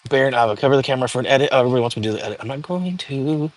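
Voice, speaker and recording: A young man chats through a casual livestream at an ordinary mid-range pitch. He reads viewer comments aloud and answers them on the fly, loose and easygoing. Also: steady tone, very fast. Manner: chatty and easygoing, reacts to viewer comments as they come. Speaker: livestream host. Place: home.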